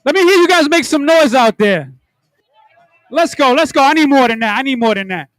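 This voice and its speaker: A man opening a conference and hyping the crowd with loud calls to make noise. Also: very high voice, lively intonation, brisk, no room sound. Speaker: event announcer.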